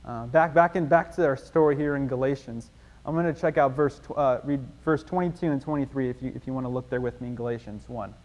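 A man's voice: mid-range voice, fast, darkish tone. A man preaching a sermon, retelling the story casually with many fillers and restarts. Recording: long hall reverb.

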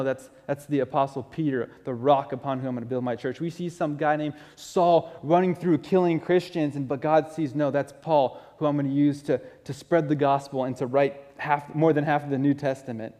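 A man's voice: on the high side, steady tone, normal speed, hardly any pauses, warm tone. A man preaching a sermon in an earnest, conversational way, often restarting his phrases. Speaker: pastor. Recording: long reverb of a large hall.

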